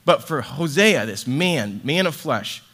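A man's voice: fairly high pitch, expressive, unhurried, fairly bright tone. A man from a church ministry team reading a Bible passage aloud and reflecting on it in an earnest, heartfelt way, often repeating words as he goes. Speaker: church ministry associate director. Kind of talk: devotional scripture reading and reflection.

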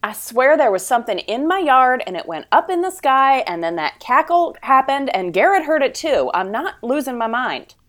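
A woman player in a tabletop game who talks in an animated, rambling way with many fillers. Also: sits high, normal speed, few pauses.

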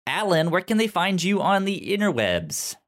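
Halting, animated podcast host man. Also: high-pitched. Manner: halting, many restarts, laughs often. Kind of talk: casual chat.

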